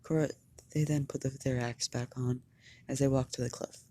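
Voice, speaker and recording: A fan storyteller improvising a story narration, halting and often repeating words. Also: medium pitch, flat delivery, warm tone.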